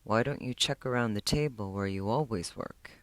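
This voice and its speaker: A woman's voice: rumbling low, moderate pace, no room sound, pitched below the performer's own voice. A woman reading the part of a stern female librarian in clipped, terse replies, recorded close and dry. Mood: curt.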